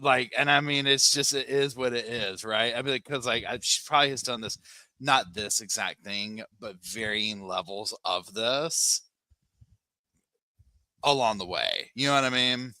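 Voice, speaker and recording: A man's voice: mid-range voice, unhurried, bright, forceful tone, no echo, poor audio. A man giving casual true crime commentary in a rambling way, full of fillers.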